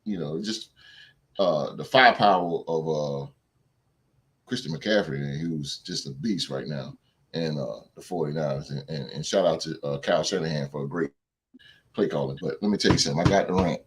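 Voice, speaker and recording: A man's voice: very deep voice, moderate pace. A young man hosting a sports podcast, ranting with emphatic, repetitive casual talk. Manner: animated, emphatic, repeats himself. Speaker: podcast host.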